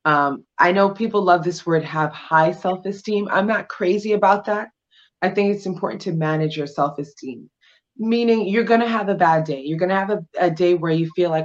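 A woman speaks in a slightly low voice, talking through her points with steady emphasis and plenty of "you know"s. The recording sounds a bit dull and lo-fi. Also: normal speed. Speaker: guest sharing her divorce experience. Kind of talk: conversational interview.

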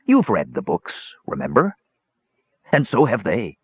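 A man's voice: mid-range voice, very animated, moderate pace, husky, no room sound. A man voicing a flashy dwarf who is secretly an ancient god, speaking in stern, commanding tones. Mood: kindly. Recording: dull lo-fi dry recording.

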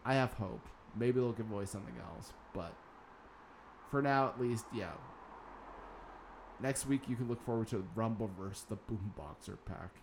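A man's voice: on the low side, normal speed, darkish tone, slight background noise. A man hosting a casual gaming news podcast, sarcastic and swearing now and then. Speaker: podcast host.

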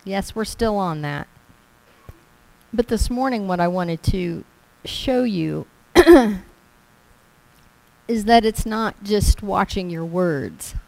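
A woman pastor giving a children's sermon, gently coaxing the kids as she tells them a story. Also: mid-range voice, rough recording.

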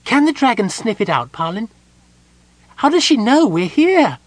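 Man doing a squeaky excitable kender. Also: normal speed, dry recording. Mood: nervous. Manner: high eager breathless questions. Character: excitable kender, small curious childlike man.

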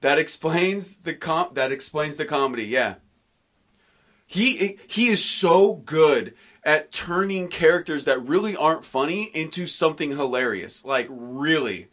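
A man co-hosting a casual comic book podcast, excitable and rambling, full of restarts and fillers. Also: fairly high pitch, unhurried. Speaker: podcast co-host.

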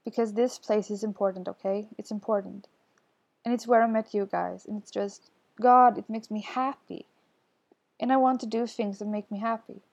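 A woman reading the lines of an anxious, apologetic young man in a podfic, halting and full of restarts. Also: mid-range voice, fairly even intonation, vocal fry, a little mellow, no echo. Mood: pleading.

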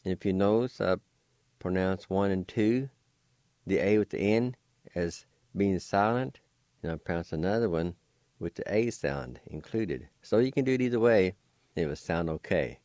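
A man hosting a radio language lesson, spelling out letters and pronouncing each word slowly, repeating it. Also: low voice, lively intonation, darkish tone, no room sound, clean studio sound. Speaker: language teacher on radio show.

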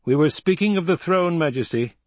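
A man's voice: a little high, expressive, fairly quick, no echo, pitched above the performer's own voice, lightly acted. A man doing a cold, commanding young ruler.

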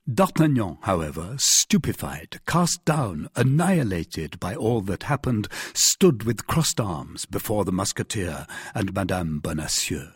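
A man narrating a classic novel in an expressive, dramatic reading. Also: on the low side, measured pace, few pauses, slightly rough, dry recording, studio quality. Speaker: audiobook narrator.

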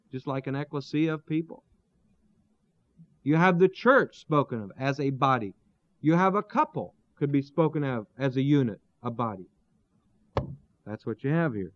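A man teaching through a Bible passage verse by verse, pausing to explain terms and asking his listeners rhetorical questions. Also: on the high side, no echo. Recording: dull, lo-fi dry recording.

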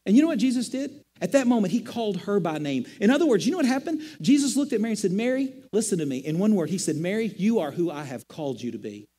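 A middle-aged man, a pastor, preaching a sermon in a conversational, animated storytelling manner. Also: sits high, long reverb tail.

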